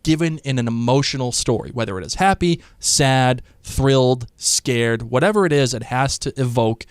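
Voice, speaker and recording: A man co-hosting a casual podcast chat about a TV episode, talking in an animated way and slipping into quick character voices. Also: medium pitch, smooth, dry recording, clean studio sound. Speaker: podcast co-host.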